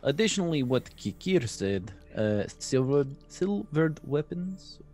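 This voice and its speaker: Slow, lively-pitched deliberate player. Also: male voice, soft background music. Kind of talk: casual tabletop game talk.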